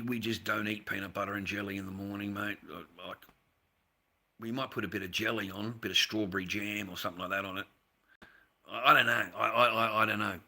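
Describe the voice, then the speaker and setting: An Australian man on a live stream, rambling and confrontational, swearing freely and veering from low muttering to loud outbursts. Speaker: livestreamer.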